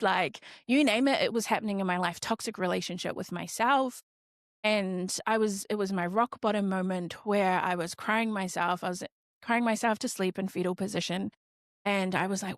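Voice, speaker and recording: A woman's voice: medium pitch, creaky, dry recording, clean studio sound. A woman in her thirties, a podcast guest telling her own story candidly and emphatically, acting out her past thoughts and swearing casually.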